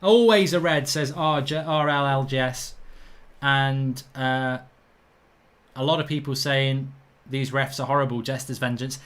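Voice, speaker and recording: A man's voice: mid-range voice, steady tone, a little slow, fairly bright tone. A middle-aged man from England hosting a live football watchalong, reading viewer comments and bluntly ranting about the referee in colloquial talk.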